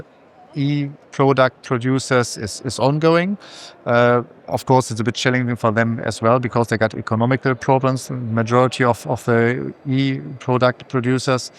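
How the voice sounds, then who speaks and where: A man speaking as a recycling company executive in a trade fair interview, measured and pausing often with fillers. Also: medium pitch, fairly even intonation, clear, resonant tone. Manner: measured, many filler pauses.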